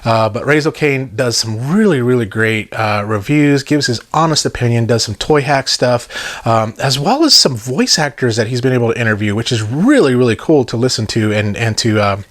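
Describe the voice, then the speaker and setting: A man's voice: medium pitch, expressive, moderate pace. Upbeat Southern man chatting on his vlog. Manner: upbeat, chatty and enthusiastic, joking asides. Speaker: toy review channel host. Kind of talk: casual vlog chat to viewers.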